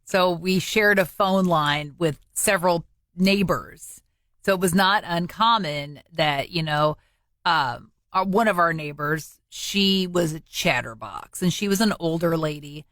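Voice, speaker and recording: Low-voiced woman, relaxed podcast storytelling. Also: no room sound, clean studio sound. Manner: relaxed storyteller, quick "mm-hmm" agreement. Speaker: podcast co-host. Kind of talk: casual podcast chat.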